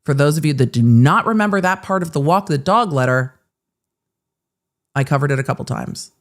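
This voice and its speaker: Woman host of a live legal commentary, lowish pitch. Sarcastic, blunt, salty. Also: expressive, fairly quick. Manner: sarcastic, blunt, swears freely.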